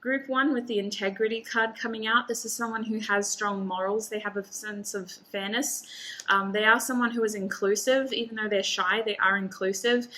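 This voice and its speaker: A woman's voice: medium pitch, steady tone, normal speed, sharp tone. A woman giving a casual tarot reading to the camera, chatty and thinking aloud as she lays out cards, with frequent laughs. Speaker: tarot reader.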